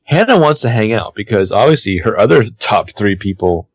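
A man co-hosting a podcast, recapping a TV episode in casual, animated chat. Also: on the low side, normal speed, no echo. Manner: chatty, animated, swears casually.

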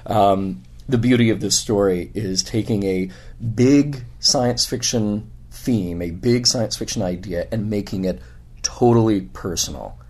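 Low-voiced man with a scratchy voice. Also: measured pace, darkish tone. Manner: musing, enthusiastic, restarts often. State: scratchy voice after a convention. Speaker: podcast host. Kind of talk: casual conversation. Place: hotel room.

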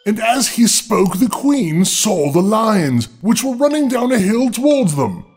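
A high-voiced man reads a fairy tale with a very lively, up-and-down delivery. He keeps stopping to make sarcastic jokes, and faint music plays behind him. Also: measured pace. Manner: sarcastic, joking interruptions. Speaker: storyteller host. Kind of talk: fairy tale reading with comic asides.

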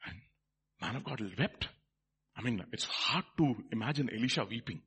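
Husky-voiced fervent preacher. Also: male voice, medium pitch, expressive, moderate pace. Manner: swings from quiet musing to loud fervent preaching. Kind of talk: sermon.

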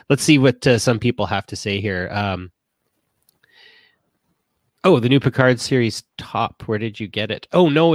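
A man's voice: on the low side, dry recording, studio quality. A man from Canada co-hosting a casual live-stream show, chatty and laughing, with lots of fillers and restarts. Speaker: podcast co-host.

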